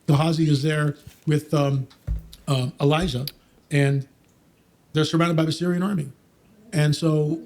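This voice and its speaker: A man talking quickly and emphatically about Bible prophecy on a podcast, quoting scripture and mocking skeptics. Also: on the high side, gravelly, a little mellow. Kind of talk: fast, preachy podcast talk.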